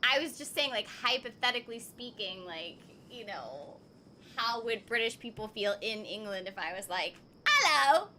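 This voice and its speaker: A woman's voice: mid-range voice, normal speed, bright, forceful tone, a little hiss or hum. A young woman streaming a video game, chatting casually with her viewers in a rambling, playful way full of fillers and asides. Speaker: streamer and voice actor. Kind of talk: casual live-stream chat while gaming.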